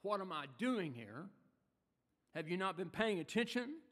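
A man's voice: sits high, big pitch swings, measured pace, fairly bright tone, in a large hall, heavily acted. A man preaching who voices a weary male prophet, indignant and exasperated as he complains to God. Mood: angry, exasperated.

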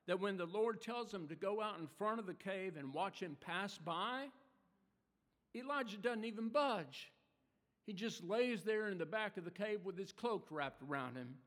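A man preaching a sermon, retelling a story dramatically with rhetorical questions and shifts from loud to hushed. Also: sits high, in a large hall.

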